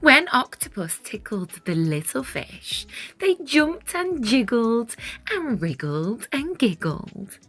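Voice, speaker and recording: A woman reading a children's picture book aloud in an expressive, sing-song storytelling manner, sometimes dropping into whispered asides. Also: on the high side, slow pace, faint music behind.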